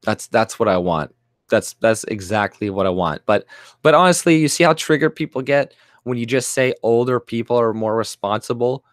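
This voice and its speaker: Swearing and rambling, a man from Canada delivers an angry, profanity-laced rant on his own channel, full of fillers and false starts. He speaks at normal speed with a medium-pitched, animated voice, in a clean studio recording without echo.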